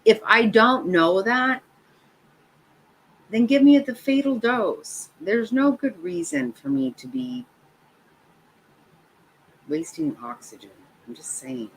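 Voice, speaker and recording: A woman's voice: on the high side, takes it slowly, pauses often, a little hiss or hum, rough recording. A middle-aged woman hosting a livestream, chatting casually and telling stories with lots of laughter. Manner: laughing, animated storytelling. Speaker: livestream host. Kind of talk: casual chat.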